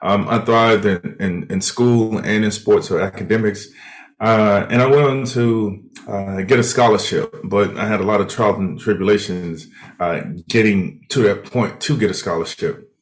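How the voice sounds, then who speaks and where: Guest mentor, male, lowish voice, hesitant delivery full of "um"s and quick laughs. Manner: hesitant, many fillers and restarts, laughs easily. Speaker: podcast guest, high performance mentor. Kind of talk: casual interview chat.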